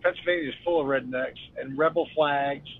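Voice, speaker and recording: A male caller phones in to a talk show and talks in a relaxed, friendly way, pausing on "uh" as he goes. His voice sits a bit high, and it comes through a muffled, lo-fi line. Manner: laid-back, friendly, hesitant with fillers. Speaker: call-in guest. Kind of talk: casual phone-in chat.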